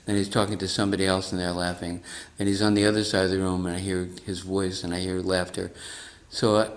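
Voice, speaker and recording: A man sharing a lively story and reflection with a devotional class over a video call. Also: sits low, fast talker. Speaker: class participant.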